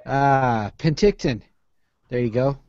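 A Canadian man co-hosting a casual beer podcast, laid-back and unhurried. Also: medium pitch, darkish tone, no echo. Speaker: podcast co-host. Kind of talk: casual chat over beers. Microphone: video call. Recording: dry muffled online call.

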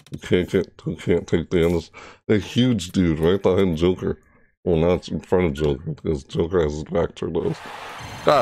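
A young man commentating his own gameplay, chatty and excitable, yelping and shrieking high when things go wrong. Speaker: gaming YouTuber. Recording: game music playing behind.

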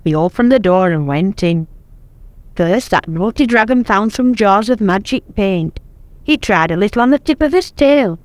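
A woman's voice: mid-range voice, lively intonation, normal speed, no room sound. Older woman reading a bedtime story. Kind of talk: reading a children's story aloud. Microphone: home tape recording.

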